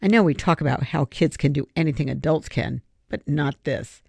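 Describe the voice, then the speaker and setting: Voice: medium pitch, normal speed, vocal fry, a little mellow, husky, no echo. A reader voicing a reluctant, worried boy who refuses his friend, in an audiobook. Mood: anxious. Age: young boy. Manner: anxious, refusing. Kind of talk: audiobook character voice.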